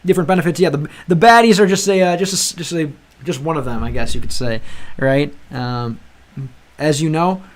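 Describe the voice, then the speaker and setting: Slightly high and slightly fast, this young livestream host's voice carries a casual chat with his live-chat viewers about language learning. He rambles, keeps restarting his sentences, and addresses people as "bro."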